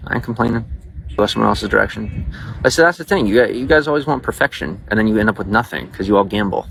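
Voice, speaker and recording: A man's voice: on the low side, animated, fast talker, gravelly, background noise. A man chatting loosely and slangily to viewers on a live stream, talking straight to them on a phone. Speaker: livestreamer. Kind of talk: casual live-stream chat.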